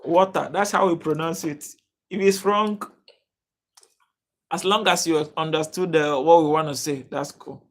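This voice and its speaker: Nigerian male stream host, casual and talkative, fairly high voice, keeps welcoming chat. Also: fairly even intonation, a little slow, long pauses. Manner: chatty, greets viewers by name, reads chat aloud. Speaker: livestream host.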